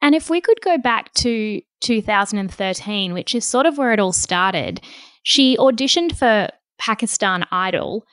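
A woman podcast host asking measured interview questions. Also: medium pitch, animated, a bit bright, no echo.

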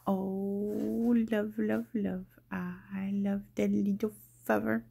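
A woman's voice: medium pitch, little pitch movement, slow, vocal fry, mellow, slight background noise. A woman filming her pet cockatoo on a phone at home, scolding it and cooing at it in playful baby talk. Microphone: phone held in hand.

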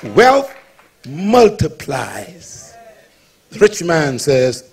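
A man's voice: high-pitched, animated, measured pace, vocal fry, a faint crowd. A male pastor preaching a sermon, telling stories with humor and calling for the congregation's response.

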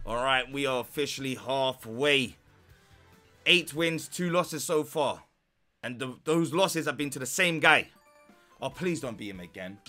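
A young man commentating his own online matches, swinging from muttered grumbles to sudden shouts. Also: mid-range voice. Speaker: gaming YouTuber. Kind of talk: live gameplay commentary.

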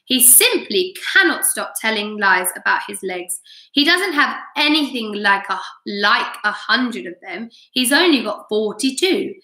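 Contrary blind male earthworm from a storybook, voiced by a woman; bright, roomy. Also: fairly high pitch, animated, measured pace, exaggerated voice. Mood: grumbling. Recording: roomy echo.

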